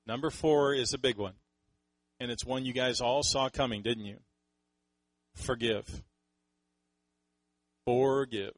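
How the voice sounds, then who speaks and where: A Canadian pastor delivers a sermon in a casual, animated style, slipping into little acted quotes of how people talk. His voice is an ordinary middle pitch, recorded close and dry with no echo or room sound, though the audio is poor.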